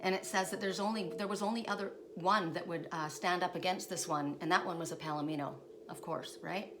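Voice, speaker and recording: A woman with a slightly low voice shares spiritual stories in a casual, rambling vlog. She talks with open emotion and keeps checking in with the listener by tacking "right?" onto her sentences. A faint hum sits behind her. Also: fairly even intonation, fairly quick. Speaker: spiritual guidance storyteller.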